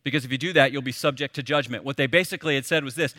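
Lively, bright-voiced pastor preaching in a hall. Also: male voice, medium pitch, rapid-fire, few pauses, clean studio sound. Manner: storytelling, animated and conversational. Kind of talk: sermon.

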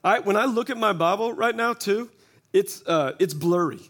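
At a church gathering, a man in his forties gives a funny, self-deprecating testimony to an audience, telling stories full of quoted asides. His voice is high-pitched and a bit bright, with lively intonation at a moderate pace.

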